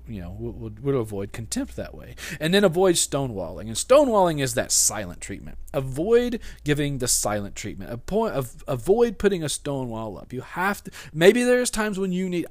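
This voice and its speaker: A man preaching a sermon in a conversational way, often restarting his sentences and acting out quoted lines with sudden jumps in pitch and loudness. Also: no room sound. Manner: conversational, with repeated restarts and playful sarcasm. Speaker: pastor.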